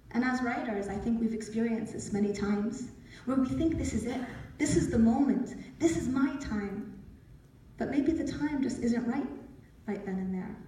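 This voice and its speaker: A woman's voice: fairly high pitch, a little hiss or hum. Woman telling a story in a hall. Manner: lively, acts out quoted voices, laughs often. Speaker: author giving a talk. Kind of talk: storytelling talk. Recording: echoey hall, speaker from far off.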